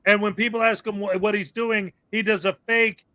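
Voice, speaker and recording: A man hosting a casual commentary show over video clips, chatty and quick with asides, laughing often. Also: high voice, level tone, pushed and bright, no room sound. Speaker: show host.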